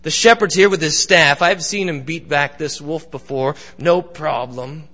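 A man's voice: a little high, a little slow, bright, forceful tone, voice pushed up, full character voice. A man voicing a small, frightened lamb in a children's story told during a sermon. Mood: relieved.

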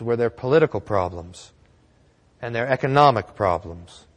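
Man pastor, sermon, emphatic, higher voice, church hall reverb. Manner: emphatic preaching with slow stressed phrases.

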